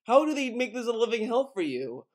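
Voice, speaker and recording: Young male commentator, higher-pitched, scornful and profane, exasperated edge. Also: very animated, fairly quick, a little mellow. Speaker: commentary youtuber. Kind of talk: sarcastic commentary.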